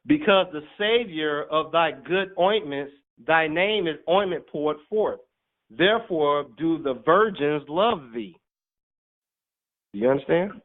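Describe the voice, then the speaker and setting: A man delivers a sermon with emphatic, teasing force, breaking into laughs as he drives points home. His voice sits high. The sound is thin and tinny, like a phone line. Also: unhurried. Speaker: preacher. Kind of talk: sermon teaching.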